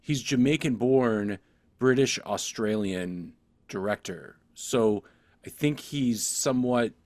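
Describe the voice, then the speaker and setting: A man's voice: on the low side, lively intonation, slow, a little mellow, no room sound. Easygoing man rambling in a dry room. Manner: rambling, loose, heavy on fillers. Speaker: film discussion co-host. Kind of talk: casual film chat.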